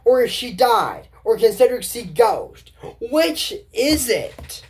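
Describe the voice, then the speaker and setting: Lively rambling woman recapping a cartoon. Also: fairly high pitch, slow pace, a little hiss or hum. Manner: rambling, self-correcting, thinking aloud. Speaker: show commentator. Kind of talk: casual episode recap and commentary.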